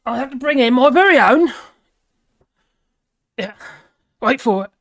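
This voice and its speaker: A woman's voice: high-pitched, animated, unhurried. Older lady rambling to her stream chat, cheeky and jokey, voice bounces up and down. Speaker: live stream host. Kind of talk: casual chat with live viewers.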